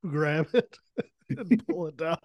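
American podcast cohost, sarcastic storyteller, slightly higher voice, dry sound. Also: male voice, expressive, slow pace, darkish tone, no echo, dull audio. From United States. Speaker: podcast co-host. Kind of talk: casual chat.

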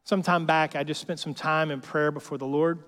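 Speaking at a moderate pace, this man has a voice on the high side with fairly even intonation and a fairly bright tone. He's a pastor delivering a conversational, joking sermon, often tossing "right?" to the congregation, and the room gives a long hall reverb.

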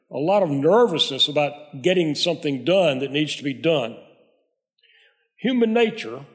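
A man preaching a sermon in a measured, conversational way, leading the congregation in prayer. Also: high voice, in a large hall. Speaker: pastor.

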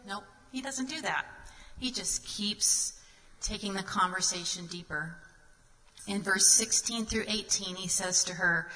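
A woman's voice: mid-range voice, measured pace, pushed and bright, in a large hall, poor audio. A woman guest speaker giving a sermon, reading scripture aloud and asking the listeners earnest questions.

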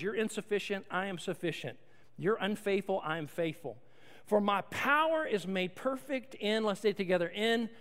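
Animated high-voiced male preacher. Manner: animated preaching with swings from soft to loud. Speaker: pastor. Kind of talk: sermon. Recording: long hall reverb.

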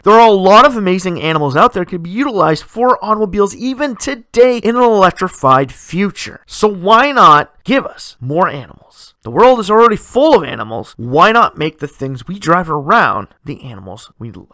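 A man hosting a solo podcast, talking in an emphatic, animated way and dropping casual swears. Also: a little high, dry recording, studio quality. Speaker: podcast host.

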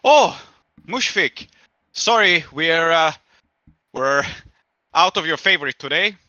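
A stout, doting priestess who fusses over everyone she feeds, in a voice pitched well up, as a man puts her on. The sound is bright and edgy but dull and dry, on lo-fi audio. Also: lively intonation, slow pace, dry recording, full character voice. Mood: fussing. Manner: fussing, doting. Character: stout, fussing woman priest who serves food.

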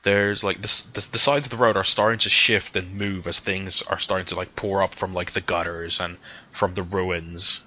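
A man's voice: sits low, level tone, normal speed, bright, forceful tone. A man narrating a tabletop role-playing game as game master, describing scenes with hesitant fillers.

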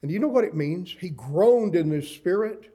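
A man in his sixties, a pastor preaching a sermon with slow, impassioned delivery and dramatic pauses, reading scripture in old-fashioned wording. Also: sits high, animated, mellow, slightly rough.

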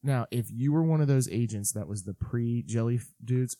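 A man co-hosting a podcast in casual chat, rambling with halting restarts. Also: medium pitch, mellow, no echo, clean studio sound. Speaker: podcast co-host.

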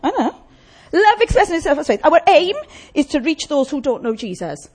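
Lively woman preaching. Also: high voice, normal speed. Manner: animated, conversational, asks the congregation questions. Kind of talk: sermon.

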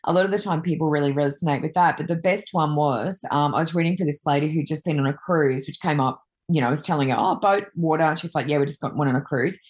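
Chatty Reiki woman, low deep voice, rambling casual stories. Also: fast, hardly any pauses. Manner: chatty, rambling, many fillers. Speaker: Reiki master and card reader. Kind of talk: casual chat, telling anecdotes.

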